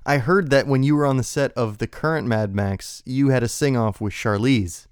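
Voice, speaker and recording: A man's voice: medium pitch, moderate pace, smooth, dry recording, clean studio sound. A man hosting a comedy podcast, playing straight man with playful questions and frequent laughs. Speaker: podcast host.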